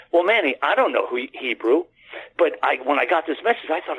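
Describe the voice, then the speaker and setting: An American radio guest on a phone-in show shares a long personal story in a casual, earnest, rambling way, restarting often and using the host's name. Heard through a tinny phone line, his voice is a little high, brisk, slightly rough, with lively intonation.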